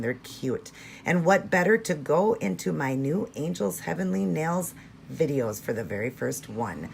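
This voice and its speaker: A woman calmly talking viewers through a nail art tutorial step by step, in a patient, instructive way. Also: a little slow, creaky, slight background noise. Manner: patient, instructive, low-key.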